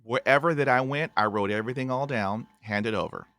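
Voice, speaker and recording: Stuttering man telling a lively story. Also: mid-range voice, a little fast, no room sound, studio quality. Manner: stutters, with repeated sounds; animated storyteller, often addresses the guest by name. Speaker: podcast host. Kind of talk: casual interview chat.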